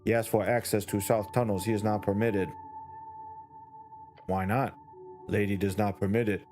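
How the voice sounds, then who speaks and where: A man reading the lines of a blunt female bugbear guard from a game in his own flat voice. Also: fairly low pitch, moderate pace, close to an everyday voice. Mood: matter-of-fact. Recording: faint background music.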